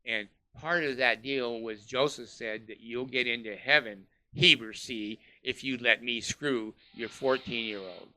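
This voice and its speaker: A man's voice: medium pitch, measured pace, few pauses, bright, forceful tone. A man delivering a scornful, profane ranting monologue, full of uh fillers. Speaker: commentator.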